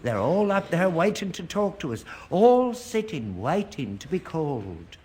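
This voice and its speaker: A man's voice: on the high side, very animated, unhurried, a little mellow. An actor playing a gullible elderly father who talks earnestly about seances, in a broadcast sitcom. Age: older. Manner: earnest, credulous, indignant.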